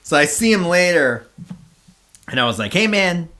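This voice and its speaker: A man's voice: high voice, sing-song, moderate pace, sharp tone. A man hosting a podcast, telling a long casual story full of fillers and acted-out quotes. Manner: rambling, many fillers, acts out quotes. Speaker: podcast host.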